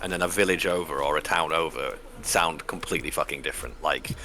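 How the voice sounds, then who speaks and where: A man's voice: a bass voice, quick pace, bright, forceful tone. A man, streaming and chatting casually, rambling with lots of fillers and the odd swear. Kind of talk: casual chat.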